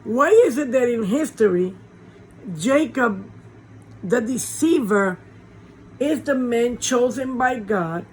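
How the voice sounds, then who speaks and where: Slow-preaching woman pastor. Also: fairly high pitch, slight background noise, poor audio. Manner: conversational preaching with rhetorical questions. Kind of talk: informal sermon. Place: small warm room with a fan.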